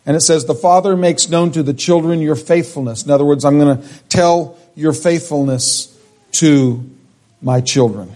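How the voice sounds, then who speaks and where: Mellow-voiced man preaching verse by verse. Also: fairly high pitch, normal speed. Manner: expository, reads and explains scripture verse by verse. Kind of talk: sermon.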